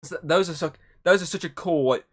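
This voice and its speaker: A man co-hosting a podcast, chatting excitedly and rambling about a movie with lots of swearing. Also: fairly high pitch, fairly quick. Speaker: podcast co-host. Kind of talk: casual movie review chat.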